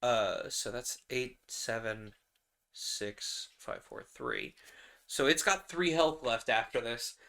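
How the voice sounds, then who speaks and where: A man's voice: mid-range voice, expressive, slow pace, gravelly, sharp tone. A man narrating his solo tabletop game in a rambling, casual way, laughing often.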